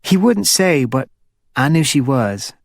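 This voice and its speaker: A man's voice: sing-song, takes it slowly, creaky, no echo, clean studio sound, heavily acted. A man voicing a playful, flirty wealthy woman in her fifties with a Hollywood Southern accent, chatty and teasing. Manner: teasing and chatty, sliding up into a higher voice.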